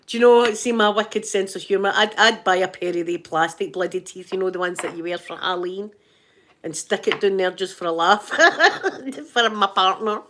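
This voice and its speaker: A woman's voice: mid-range voice, moderate pace, a bit bright, slight background noise. A Scottish woman hosting an ASMR channel, chatting casually with live viewers in a giggly, joking, rambling way.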